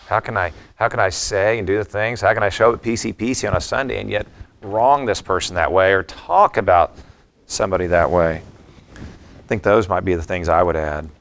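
A middle-aged pastor preaches in a reflective, conversational way, a little fast, moving between scripture and personal stories. His voice is very low, fairly bright in tone, with a gravelly, fry-laden edge.

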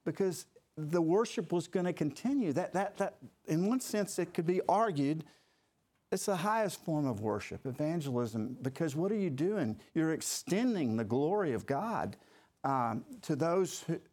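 A man's voice: fairly high pitch, lively intonation, moderate pace, darkish tone. A man leading a Bible study group, talking conversationally with many fillers and restarts.

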